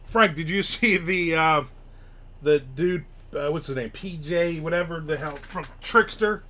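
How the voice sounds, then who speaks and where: A man's voice: on the high side, a little slow, bright, forceful tone. A man hosting a casual live show, grumbling and swearing sarcastically as he tells stories. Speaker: podcast host. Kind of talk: casual live-stream chat.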